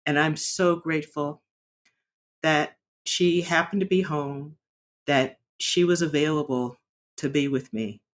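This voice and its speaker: A woman speaking candidly in a personal vlog, reflective and earnest, often pausing and restarting her sentences. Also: low voice, steady tone. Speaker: vlogger sharing a personal story.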